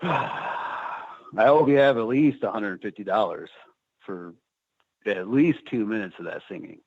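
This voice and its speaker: A man's voice: lowish voice, unhurried, breathy edge, no echo, dull audio. A man appearing as a podcast guest, chatting casually about wrestling in a sarcastic, mock-boastful way.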